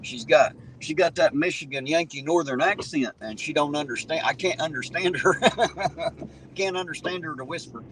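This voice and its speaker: A man's voice: on the high side, moderate pace, fairly bright tone, poor audio. Folksy man talking over car noise. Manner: rambling, folksy, reads viewer comments aloud. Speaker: livestream host reading chat. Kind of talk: casual chat. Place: inside a car while driving. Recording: car road noise behind the voice.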